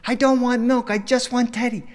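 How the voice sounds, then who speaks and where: A man voicing a tearful, stubborn two-and-a-half-year-old boy with a high, whiny, pleading voice, in a live storytelling set. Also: fairly even intonation, fairly quick.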